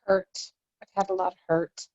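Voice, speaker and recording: A woman taking part as a coaching client over a video call, speaking in short, halting replies. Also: fairly low pitch, level tone, darkish tone, no echo, muffled recording.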